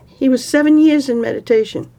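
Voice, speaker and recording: Gravelly-voiced woman telling a story. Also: high voice. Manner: relaxed, conversational, with fillers. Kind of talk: oral storytelling.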